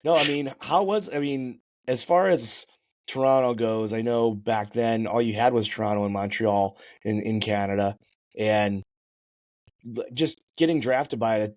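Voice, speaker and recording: A male podcast host with a medium-pitched voice. He chats casually and asks relaxed follow-up questions, often laughing along. The recording sounds dry, with no room echo. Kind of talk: casual interview chat.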